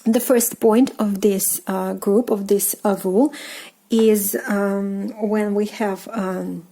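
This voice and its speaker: A woman with a Russian accent gives a slow, careful language lesson. Her voice is mellow and soft, and she pauses often on fillers while she repeats each word patiently. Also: mid-range voice, steady tone. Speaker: language teacher.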